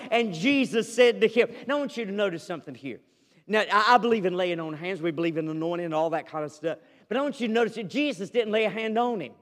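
A male pastor preaching a sermon, reading scripture slowly and then pressing his points with rising fervor. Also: high-pitched, big-room sound.

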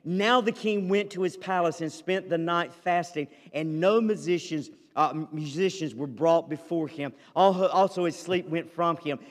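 A man preaching a sermon as pastor, telling a story with dramatic swings between loud declarations and hushed asides. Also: on the high side, moderate pace, hardly any pauses, in a large hall.

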